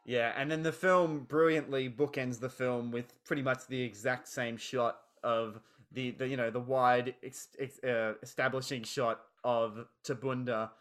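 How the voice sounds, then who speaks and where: Aussie guy rambling about a movie on a podcast, bright tone. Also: mid-range voice, steady tone, unhurried, few pauses. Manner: enthusiastic, rambling. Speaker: podcast host. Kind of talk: casual film discussion.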